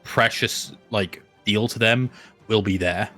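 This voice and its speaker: A man playing in a tabletop game, thinking aloud in halting, filler-filled planning talk. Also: fairly low pitch, sharp tone, soft background music. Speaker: player. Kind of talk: casual tabletop game chat.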